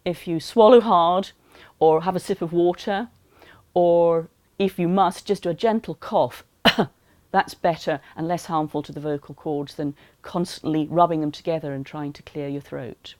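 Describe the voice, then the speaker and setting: A woman calmly explaining voice care to teachers in an educational talk. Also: on the low side, moderate pace, dry recording. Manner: calm, explanatory, practical advice. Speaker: voice health advisor for teachers.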